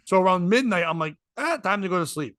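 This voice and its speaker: A man with a high, bright voice tells a self-mocking story to his co-host, playing out both sides of the dialogue. The sound is dry and close, with no room in it. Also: expressive, fast, no room sound. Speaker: podcast co-host. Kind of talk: casual storytelling chat.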